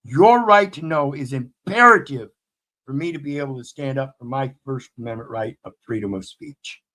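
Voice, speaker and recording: A man hosting commentary, preaching in a defiant way, swinging from loud outbursts to low asides. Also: animated, moderate pace. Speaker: commentary host. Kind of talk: fired-up commentary.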